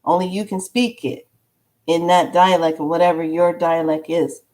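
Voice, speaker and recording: A woman vlogger telling a spiritual story in a casual, animated way, acting out the dialogue as she goes. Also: on the low side, moderate pace.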